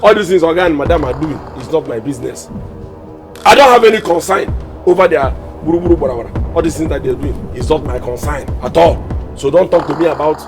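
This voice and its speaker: A stubborn, loud-mouthed Nigerian gateman who keeps repeating his points. His voice sits a little high. A music track runs clearly behind him. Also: expressive, fast talker. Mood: defiant. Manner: loud, defiant, repeats himself. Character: loud, stubborn male gateman and con artist. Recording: film scene with music underneath. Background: background music.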